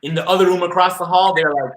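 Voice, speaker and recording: A man's voice: sits high, fairly even intonation, quick pace, a bit bright. Man with a slightly raised voice, echoey room. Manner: anecdotal, acts out quoted voices. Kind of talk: casual discussion. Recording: roomy echo.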